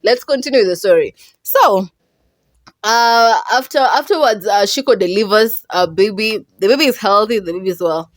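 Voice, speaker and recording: A young woman with a Kenyan accent talks through a film plot in a loose, chatty podcast style, switching freely between English and Swahili. Her pitch sits mid-range for a woman, and her delivery is animated and expressive. The recording is close and dry, with no room sound. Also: moderate pace, no echo. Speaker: podcast host and movie reviewer. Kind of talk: casual podcast movie review.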